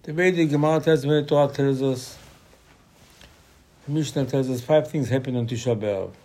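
A man's voice: mid-range voice, fairly quick, warm tone. A man giving an informal Torah lecture, arguing through rhetorical questions with his voice rising sharply.

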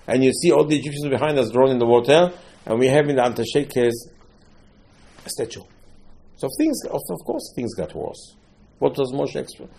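A man leads a Torah class as a storyteller, with a mellow, darker tone. He sprinkles Hebrew terms through his English and swings from loud, emphatic bursts to low, quiet asides. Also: vocal fry. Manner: animated storytelling, swings between loud and soft. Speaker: religious teacher.

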